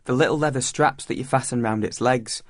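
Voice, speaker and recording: Man voicing a teenage boy, Yorkshire, blunt, higher than his own voice, dry. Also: a little fast, no room sound, lightly acted. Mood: earnest. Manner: blunt, eager, dialect-heavy. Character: defiant working-class teenage boy.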